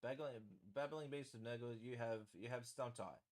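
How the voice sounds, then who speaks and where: A man's voice: medium pitch, moderate pace, a little mellow. A man hosting a live stream, chatting in a rambling, self-deprecating way while he paints.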